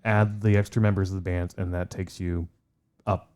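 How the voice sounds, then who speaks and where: Mellow low-voiced guy, podcast cohost, hyped and cussing a lot. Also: flat delivery, normal speed, clear, resonant tone. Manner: enthusiastic, swears often. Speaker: podcast co-host. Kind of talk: casual chat.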